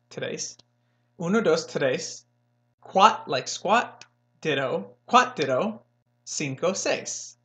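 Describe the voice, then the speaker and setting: A man's voice: fairly high pitch, fairly bright tone. A young man giving a casual spoken language lesson, rambling and joking as he corrects himself. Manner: rambling, jokey, self-correcting, slow and drawn out. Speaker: language learning host.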